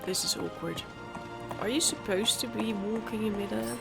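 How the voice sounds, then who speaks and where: A woman's voice: medium pitch, steady tone, moderate pace, gravelly, music in the background. A woman hosting a gaming channel, talking through a game in a chatty, candid way while nursing a sore throat. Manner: chatty, candid, muttering asides. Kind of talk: casual let's-play commentary.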